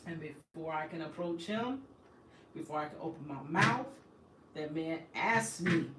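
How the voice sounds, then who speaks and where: A woman's voice: low-pitched, expressive, unhurried. Impassioned woman, echoey and far off. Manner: emphatic, impassioned, indignant. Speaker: host. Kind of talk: emotional personal storytelling. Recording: echoey room, distant from the mic, faint background noise.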